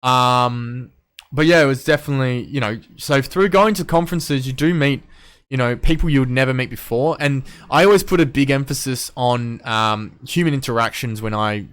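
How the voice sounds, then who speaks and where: A man's voice: mid-range voice, moderate pace, a bit bright, clean tone. A young man, a DJ and producer, chatting casually on a podcast with lots of ums and casual swearing. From Western Australia. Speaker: guest DJ and producer.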